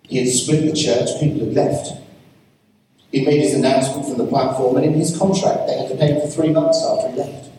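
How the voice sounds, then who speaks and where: A man's voice: mid-range voice, steady tone, brisk, warm tone, slight background noise. A man preaching a sermon, telling a story and pressing his point with emphatic rhetorical questions. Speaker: pastor. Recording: echoey hall, mic from far off.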